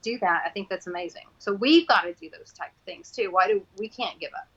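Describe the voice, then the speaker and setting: A woman's voice: medium pitch, fairly quick, a bit bright, breathy edge, lo-fi sound. A woman from Texas with a Texan accent, hosting a casual chat, rambling and laughing often. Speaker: host.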